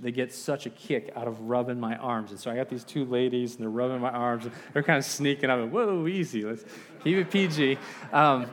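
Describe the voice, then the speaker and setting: Man preaching with lively storytelling. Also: medium pitch. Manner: animated storyteller, acts out voices, closes in quiet prayer. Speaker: missionary preacher. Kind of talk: sermon storytelling.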